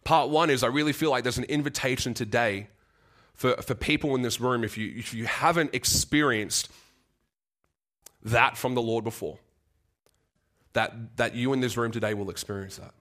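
A man's voice: medium pitch, a bit bright. Earnest young man preaching. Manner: earnest, halting, repeats words, gets choked up. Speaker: guest preacher. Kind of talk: sermon with personal story.

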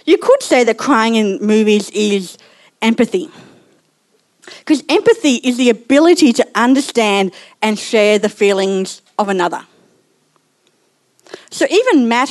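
A woman giving a church message, talking in a friendly, chatty way and laughing at herself. Her voice sits at a middle pitch. The sound is close and dry. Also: dry recording. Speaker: church speaker. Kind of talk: sermon.

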